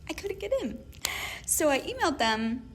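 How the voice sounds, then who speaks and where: A young woman co-hosting a casual chat podcast, telling an animated story with lots of laughs and acted-out emails. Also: high voice, normal speed, slight background noise. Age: young adult. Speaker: podcast co-host.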